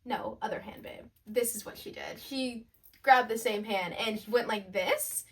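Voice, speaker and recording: High-pitched teen girl telling a story. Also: moderate pace, husky, recorded from a distance. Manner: animated storytelling with quoted voices. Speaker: podcast co-host. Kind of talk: casual chat.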